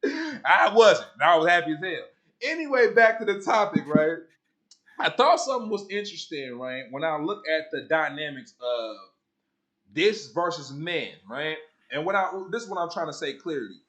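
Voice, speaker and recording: A man with a high, lively voice hosts a casual podcast. His tone is bright and forceful, and he talks in a slangy, profane, storytelling way with frequent asides to his co-hosts. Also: normal speed. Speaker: podcast host.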